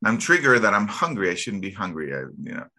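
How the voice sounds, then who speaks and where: Low-voiced man rambling with self-mocking jokes. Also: very animated, fast, sharp tone. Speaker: call participant. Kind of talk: casual group chat.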